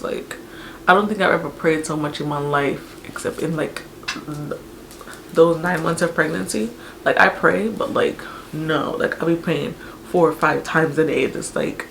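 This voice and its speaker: A young woman telling a personal story in a casual, animated, chatty way, with many fillers. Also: low-pitched, creaky, slight background noise. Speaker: vlogger telling her birth story.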